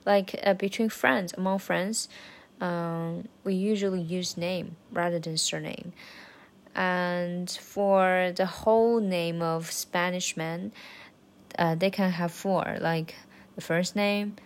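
A woman's voice: lowish voice, steady tone, takes it slowly. A woman whose first language is Mandarin Chinese, keeping a casual spoken diary of her language study, hesitant with many fillers, sounding out practice phrases carefully.

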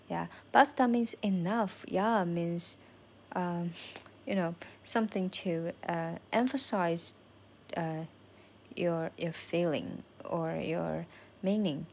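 Woman, chinese is her first language, slow and unsure, lots of ums, a little noise behind her. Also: medium pitch, a little mellow. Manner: hesitant, many pauses and fillers, repeats phrases to practise them. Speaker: language learner keeping an audio diary. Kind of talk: casual spoken learning diary.

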